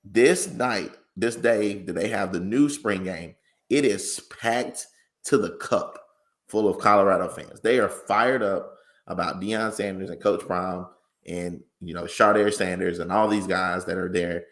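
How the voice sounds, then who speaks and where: A tired, low-pitched man co-hosts a casual sports talk show, speaking in a measured, conversational way.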